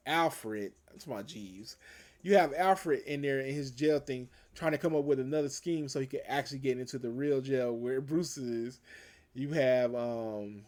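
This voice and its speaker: A man's voice: mid-range voice, a little slow, darkish tone. A man hosting a casual show review, retelling episode events in a rambling, conversational way and chuckling often. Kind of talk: casual spoiler review recap.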